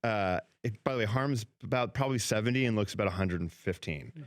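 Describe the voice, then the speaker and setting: A former hockey goalie turned actor, a man telling animated, rambling stories as a guest on a talk show, often restarting his sentences. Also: fairly low pitch, quick pace, no echo, studio quality. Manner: lively, rambling, acts out quotes with restarts.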